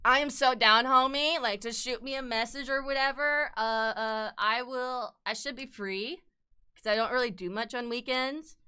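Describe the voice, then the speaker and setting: A young woman streaming herself as she draws, chatting casually in a bright, crisp, slightly high voice. She gushes with excitement, swears freely and laughs a lot. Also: moderate pace. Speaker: artist livestreamer. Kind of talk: casual chat while drawing.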